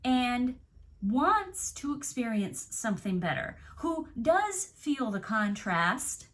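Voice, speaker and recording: A woman's voice: on the high side, big pitch swings, takes it slowly, fairly bright tone. A young adult woman coach giving an earnest, reflective self-help talk straight to the viewer. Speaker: manifestation coach.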